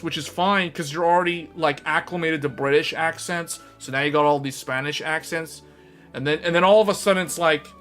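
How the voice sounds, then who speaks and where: Rambling man with a high-ish voice. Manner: rambling, animated, laughs often. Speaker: streamer. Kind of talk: casual chat with viewers.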